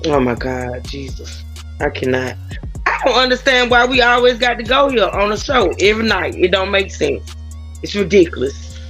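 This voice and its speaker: A woman's voice: medium pitch, sing-song, normal speed, a bit bright, soft background music. A woman co-hosting a livestream, exasperated and scolding her co-host in casual banter.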